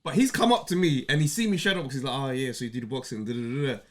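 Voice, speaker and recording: A young man co-hosting a podcast, telling stories in animated, slangy casual chat and laughing often. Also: medium pitch, rapid-fire. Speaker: podcast co-host.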